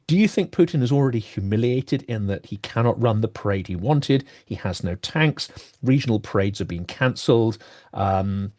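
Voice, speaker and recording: A man hosting a political discussion, thinking aloud with pauses and shifting emphasis. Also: mid-range voice, warm tone. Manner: reflective, pausing with ums, varied emphasis. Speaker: podcast host. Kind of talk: discussion interview.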